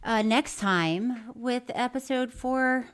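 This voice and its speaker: This is a woman with a slightly high voice, co-hosting a casual podcast. She banters playfully and reads listener letters aloud. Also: slow, smooth. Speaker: podcast co-host. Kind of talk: casual chat, reading listener mail.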